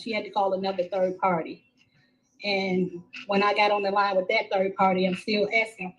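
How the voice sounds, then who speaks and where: A middle-aged woman from Texas, a mother telling her story in a live-stream interview, halting and repeating herself with many fillers. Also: mid-range voice, steady tone, darkish tone, rough recording. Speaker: grieving mother, interview guest. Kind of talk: emotional first-person account in a live-stream interview.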